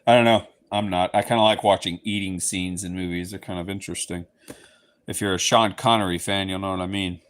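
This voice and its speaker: In a deep, brisk voice with fairly even intonation, a man from Southeast Texas hosts a livestream and chats casually with his viewers. His Texan accent comes through, and he's playful, slipping into goofy voices.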